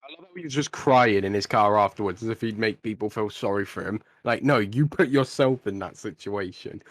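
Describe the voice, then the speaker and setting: A young podcast co-host with a lowish voice speaks briskly, energetically telling a story in casual chat. He swears and mimics the people involved. There's no echo.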